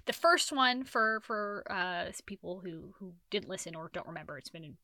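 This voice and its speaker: A woman co-hosting a casual book podcast, rambling and animated, correcting herself and laughing as she talks. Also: lowish voice, moderate pace, no room sound. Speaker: podcast co-host.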